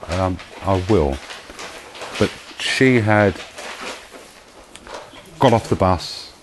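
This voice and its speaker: A man sharing a personal testimony in a slow, emotional storytelling manner. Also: deep voice, a little hiss or hum, poor audio. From United Kingdom. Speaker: charity founder giving testimony.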